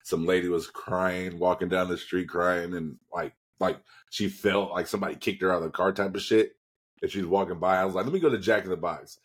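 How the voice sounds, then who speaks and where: A man's voice: sits low, steady tone, fairly quick, breathy edge. A young man telling a rambling, profane story in casual podcast chat. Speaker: podcast co-host.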